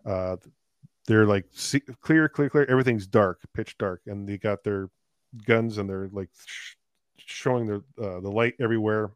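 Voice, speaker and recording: A man, a paramedic, telling a long call story in a casual, animated way, with many fillers. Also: on the low side, moderate pace, smooth, dry recording. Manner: animated, laughing anecdotes with filler words. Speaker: paramedic guest.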